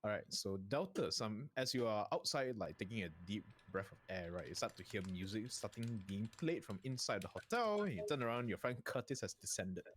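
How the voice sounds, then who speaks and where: A man's voice: fairly low pitch, expressive, a little fast, hardly any pauses, a little hiss or hum. A man narrating as game master of a tabletop game, easygoing and laughing often.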